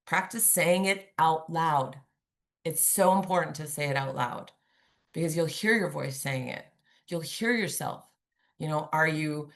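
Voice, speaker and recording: A woman giving a conversational webinar presentation over a video call, chatty and humorous, acting out examples as she goes. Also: sits low. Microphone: remote video call.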